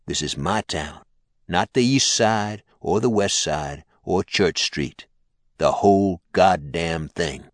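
A man voicing a stern, blunt male official who makes threats in an audiobook, in his own low dry voice. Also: takes it slowly, dry recording. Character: stern hard-nosed male mayor.

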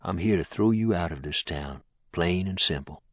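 A man voicing a stern, blunt male official who makes threats in an audiobook, in his own low dry voice. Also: moderate pace, a bit bright, slightly rough, no room sound, exaggerated voice. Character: stern hard-nosed male mayor.

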